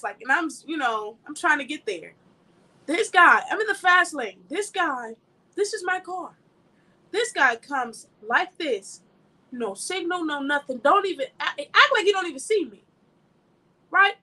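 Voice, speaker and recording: A woman preaches in a high-pitched voice, with everyday stories mixed into the message. Her delivery is emphatic and conversational, and she laughs as she talks. The tone is bright and forceful. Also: low-quality recording. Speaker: ministry speaker. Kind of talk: informal sermon with personal anecdotes.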